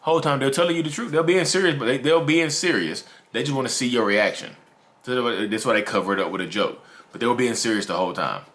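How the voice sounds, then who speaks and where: A man's voice: medium pitch, fast, a bit bright. A man hosting his own channel, talking casually to camera, repeating himself and calling his viewers "y'all". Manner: repetitive, addresses viewers as "y'all". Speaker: YouTube host talking about narcissism.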